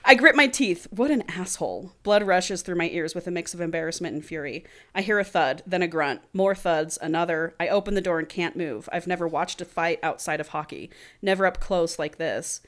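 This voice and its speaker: A woman co-hosting a casual podcast, retelling and reading a book aloud with lively swearing. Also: fairly low pitch, brisk. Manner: animated retelling, swearing freely. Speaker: podcast co-host.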